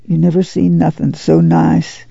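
A man voicing an excitable poor rural girl who rambles eagerly in country talk. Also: a little high, a little slow, gravelly, husky, no room sound, heavily acted. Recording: dull lo-fi dry audiobook recording.

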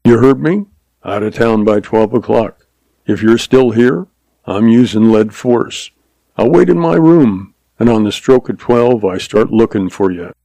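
A grim frontier lawman gives his orders in a cold, curt voice, flat and deadly. A man reads him in his own low, dark tone, with a dry, close sound. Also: unhurried, gravelly, no echo. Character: cold, deadly male marshal, grimly commanding.

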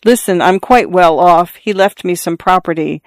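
A man's voice: high voice, moderate pace, dry recording, studio quality. A shy, dutiful young peasant man, in a reader's own voice. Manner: hesitant, plain-spoken.

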